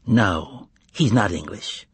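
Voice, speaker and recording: A man reading an audiobook voices a composed male editor who explains things in a measured, diplomatic way. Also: lowish voice, lively intonation, breathy edge, no room sound, voice pushed down, full character voice.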